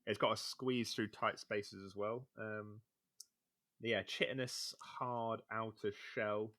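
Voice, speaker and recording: A man co-hosting a casual gaming podcast, describing things bit by bit with plenty of pauses and ums. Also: fairly low pitch, steady tone, fairly bright tone. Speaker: podcast co-host.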